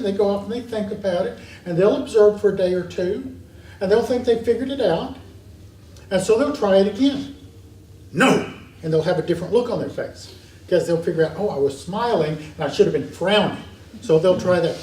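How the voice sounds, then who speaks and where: A man's voice: high-pitched, mellow. Man teaching a parenting class, echoey. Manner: earnest, storytelling teaching with emphatic stresses. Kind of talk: classroom lecture. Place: church meeting room. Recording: echoey room from far off, faint hiss.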